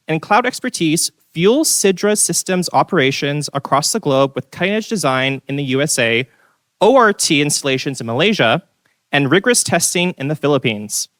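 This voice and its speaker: A man's voice: a little high, fairly bright tone, no echo. Upbeat man reading a speaker intro. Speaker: event host introducing speakers. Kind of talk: scripted introduction.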